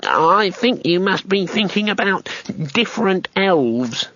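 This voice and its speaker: A man's voice: fairly high pitch, lively intonation, a little slow, gravelly, a bit bright, no room sound, muffled recording, voice pushed up, full character voice. A man voicing a small nervous male gnome who hedges and backpedals. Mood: wary. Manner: hesitant, backpedalling.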